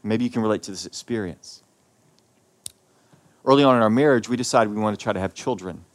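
A man, a pastor, preaching a sermon and telling a personal story in an earnest, emotional way, with many pauses and repeated words. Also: lowish voice.

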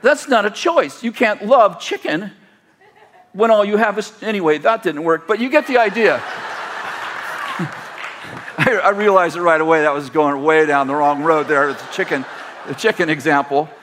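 A man's voice: a little high, moderate pace, pauses often, fairly bright tone, a faint crowd, slight background noise. A male pastor preaching a sermon, rambling and correcting himself as he leads the congregation in call-and-response.

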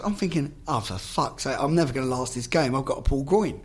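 A man's voice: medium pitch, animated, fast, hardly any pauses. A man, a former footballer, telling stories in casual chat, swearing freely and acting out the dialogue.

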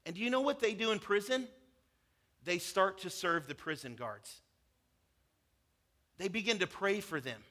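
A man preaching a sermon as a pastor, telling a parable with animated voices for its characters. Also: high voice, normal speed, pauses often.

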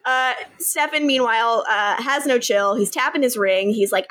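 A woman's voice: fairly high pitch, brisk, hardly any pauses. A woman co-hosting a podcast, chatting casually and giggling as she acts out lines from a TV episode. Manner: giggly, acts out quotes in a lively voice. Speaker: podcast co-host. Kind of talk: casual chat recapping a TV episode.

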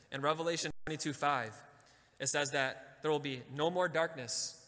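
A man giving a Catholic talk, leading the audience to repeat lines after him and slowing down for emphasis. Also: fairly high pitch, steady tone, in a large hall. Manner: slows and drops to a soft, quiet voice for emphasis. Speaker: Catholic speaker. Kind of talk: sermon talk with call-and-response.

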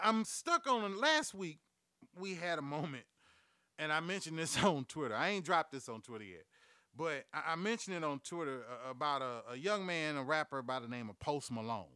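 Profane, animated man ranting. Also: a little high, moderate pace, clean tone, dry recording, studio quality. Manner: profane, loud, animated storytelling; acts out quoted voices. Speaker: podcast host. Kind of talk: comedic news rant.

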